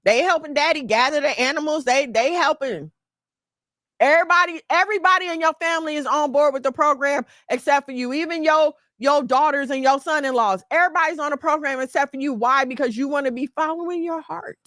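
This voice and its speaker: Woman, emphatic preachy advice, high pitched, dry. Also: fairly quick, no echo. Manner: emphatic and preachy, lively storytelling. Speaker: podcast host. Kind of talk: casual advice talk.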